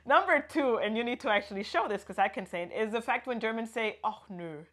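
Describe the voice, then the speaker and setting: Casual co-host: woman, talkative, playful with foreign words, slightly high voice. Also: expressive, quick pace, fairly bright tone. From Guatemala. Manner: chatty, laughs often, tries out German words. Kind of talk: casual chat.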